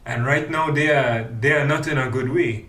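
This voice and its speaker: A man's voice: medium pitch, moderate pace, a bit bright. A man with a Trinidadian accent giving an impassioned forum speech, fiery and full of rhetorical questions. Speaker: forum speaker for a grassroots news team. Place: public forum hall. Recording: echoey room, mic at a distance.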